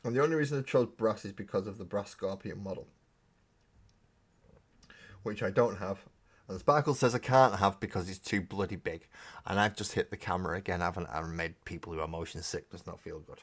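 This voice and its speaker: A man's voice: sits low, fairly quick. A man hosting a live stream, chatting casually and rambling with self-mocking humor while painting miniatures.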